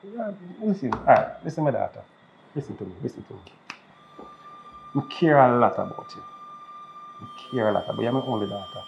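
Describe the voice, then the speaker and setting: A man's voice: medium pitch, animated, fairly quick, creaky, pauses often, slight background noise. A man with a Jamaican accent playing a worried father who earnestly pleads with his daughter and repeats himself as he begs. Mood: pleading. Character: worried father, middle-aged, stern and loving. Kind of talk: improvised family drama skit. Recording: slightly dull lo-fi sound.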